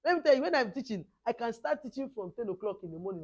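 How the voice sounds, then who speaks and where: A middle-aged woman with a hoarse voice, leading children at a camp in lively call-and-response. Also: a little high, quick pace, few pauses, dull audio. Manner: animated, call-and-response, mixing two languages. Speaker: camp teacher.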